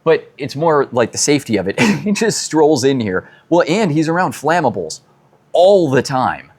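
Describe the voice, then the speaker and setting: A man's voice: on the high side, sing-song, normal speed. Rambling, chatty mechanic man. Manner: rambling, chatty, self-deprecating storyteller. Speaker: mechanic and show host. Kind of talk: casual talk while working on a car. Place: car workshop.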